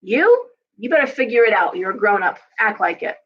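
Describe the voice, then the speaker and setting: A woman's voice: mid-range voice, sing-song, a little fast, breathy edge, dull audio. A middle-aged woman giving a casual live-stream tarot and astrology reading, talking bluntly to her viewers and swearing freely when fired up.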